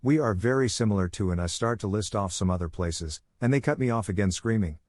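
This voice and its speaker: Man, low voice, scripted story narration, lifts pitch for quotes, dry close sound. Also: a little fast, a little mellow, no echo. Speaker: narrator reading online posts. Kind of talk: scripted narration of reader stories.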